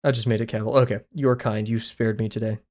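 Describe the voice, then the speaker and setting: A man livestreams while he draws, chatting casually in a rambling, self-deprecating way. His voice is fairly low and a little mellow, with little pitch movement, and he speaks at a quick pace.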